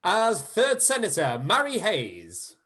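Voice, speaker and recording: A man's voice: high-pitched, wildly swooping pitch, bright, forceful tone. A man hosts a casual live stream over a video call. His voice rises and falls a lot as he introduces people, and he keeps the tone playful and upbeat. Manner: upbeat, playful, quick to laugh. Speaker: host and director.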